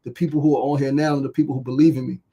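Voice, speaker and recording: This man, a podcast host from New York, delivers motivational livestream talk full of passion and profanity, with "right?" popping up constantly. He speaks rapid-fire in a level, medium-pitched voice that is warm yet husky, though the audio sounds dull.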